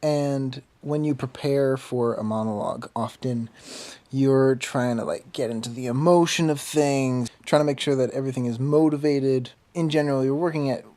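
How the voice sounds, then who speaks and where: A man's voice: medium pitch, normal speed, warm tone. A young man speaking in a middle-range voice, mulling ideas over in a loose, rambling way. He talks casually to a camera mic in an unscripted vlog. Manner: thoughtful, rambling.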